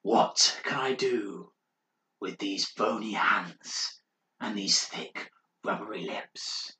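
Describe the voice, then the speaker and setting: A crazed monk voiced by a man rasps in a thin whisper or cries out high and strained, over and over, with a sharp, bright edge. The sound rings in a roomy, echoey space. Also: slow, far from the mic, slight background noise. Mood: eerie whisper. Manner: whispery, wailing repetition. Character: mad male monk, eerie, muttering. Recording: roomy echo.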